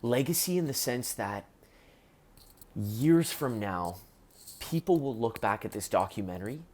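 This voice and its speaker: A musician talking to camera in an earnest, heartfelt way about something that moved him. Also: male voice, medium pitch, animated, unhurried, darkish tone, slight background noise. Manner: earnest, heartfelt, gets choked up. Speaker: musician reviewing a documentary. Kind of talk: casual talk to camera.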